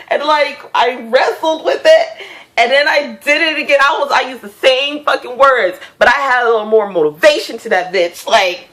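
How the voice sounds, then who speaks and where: A young woman casually telling a dream story to her viewers, animated, swearing freely and laughing as she acts out sounds. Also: sits high, normal speed.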